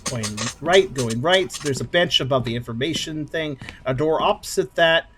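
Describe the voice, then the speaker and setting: A man with an Oregonian accent, his voice sitting a little high, talks his way through a game in a loose, joking ramble. He laughs easily and narrates what he sees as he goes, over a faint hiss. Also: normal speed. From Oregon, United States. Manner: chatty, laughs often, jokey, thinks aloud. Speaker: let's play host. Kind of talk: casual gaming commentary.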